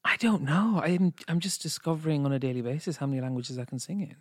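A man's voice: fairly high pitch, lively intonation, fast, dry recording. A man co-hosting a podcast, chatting in a camp, playful, teasing way into a studio microphone. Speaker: podcast co-host. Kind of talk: casual chat.

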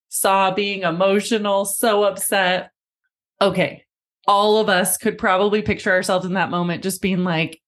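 A woman's voice: mid-range voice, level tone, moderate pace, a bit bright. A woman hosting a parenting podcast who speaks directly to her listener and calls them friend. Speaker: podcast host and parenting coach. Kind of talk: scripted podcast talk.

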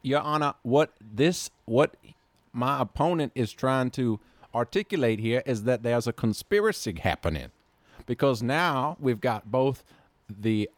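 A man's voice: medium pitch, dry recording, close to an everyday voice. A man playing an indignant, objecting lawyer. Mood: protesting. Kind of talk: improv comedy.

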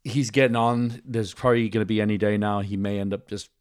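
Low-voiced man, excitable podcast host. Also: brisk. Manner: enthusiastic, rambling with restarts. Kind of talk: casual chat.

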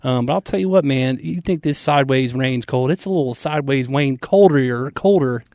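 Easygoing Southern man, quick to laugh. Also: medium pitch, darkish tone, no echo, clean studio sound. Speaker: radio show co-host. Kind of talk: casual radio banter.

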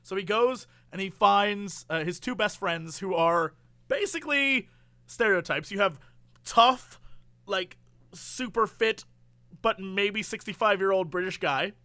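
A man's voice: high-pitched, a little slow, dry recording. A man in casual chat, animatedly retelling a movie plot and acting out the characters' lines. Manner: animated storyteller, acts out quotes.

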